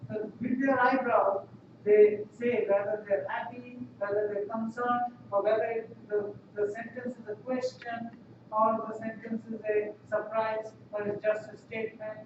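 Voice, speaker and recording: A man giving a university class lecture, explaining ideas step by step, repeating phrases and pausing with fillers, recorded from far off in a classroom. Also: high-pitched, flat delivery. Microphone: laptop webcam from far off. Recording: echoey room, distant lo-fi mic, noisy.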